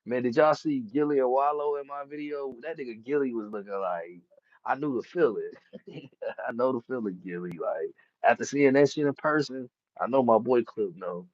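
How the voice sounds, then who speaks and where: A man's voice: medium pitch, moderate pace, no echo, highs cut off. A man chatting casually about boxing, heavy on street slang and profanity, laughing often. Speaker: boxing commentator. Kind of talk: casual chat.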